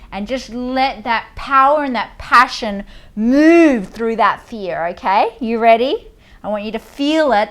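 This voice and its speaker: Slow soothing woman guiding tapping. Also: fairly high pitch. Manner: slow, soothing guided instructions. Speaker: tapping coach. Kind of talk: guided tapping meditation.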